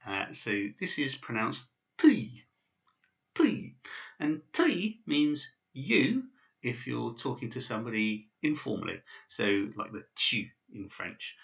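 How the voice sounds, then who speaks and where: A man's voice: mid-range voice, very animated, unhurried, gravelly, a bit bright, highs cut off. A man teaching basic pronunciation in a casual video lesson, with many fillers and restarts. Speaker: language teacher.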